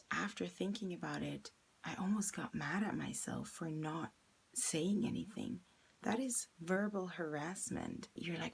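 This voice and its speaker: A woman's voice: fairly low pitch, expressive, measured pace, vocal fry, husky. A young woman candidly recounting a personal experience in a vlog, acting out the quoted lines as she retells them. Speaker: vlogger.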